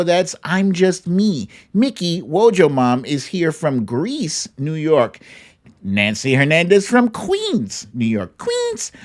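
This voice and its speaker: A man hosting a live stream, reading out viewers' greetings with playful, sing-song asides and little hums. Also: high-pitched. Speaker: livestream host. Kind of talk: reading a live chat roll call.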